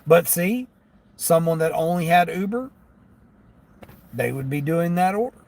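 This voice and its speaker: A man vlogging from the driver's seat of his car, grumbling and thinking out loud as he checks his delivery apps. His voice is gravelly and a little higher than most men's. Faint car noise hums behind him. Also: expressive, a little slow. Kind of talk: casual talk while driving. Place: inside a car.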